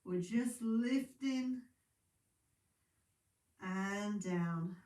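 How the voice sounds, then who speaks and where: A woman leading a pilates class, calm and encouraging, sounding sleepy. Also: mid-range voice, drawn-out words, far from the mic. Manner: calm, encouraging, chatty asides. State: sleepy, yawning. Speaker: pilates instructor. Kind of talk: guided exercise class instructions. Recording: echoey room, voice from off-mic.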